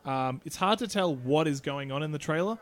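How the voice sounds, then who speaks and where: Guy on a gaming podcast, kinda high voice, blunt, swears a lot, talks over people. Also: fairly quick. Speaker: podcast co-host. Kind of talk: casual chat.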